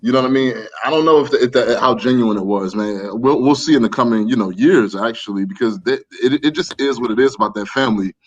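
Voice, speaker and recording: A man's voice: mid-range voice, fast, few pauses, highs cut off. Casual man rambling in slang. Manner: loose, rambling, hedging street slang. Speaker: podcast co-host. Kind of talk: casual chat.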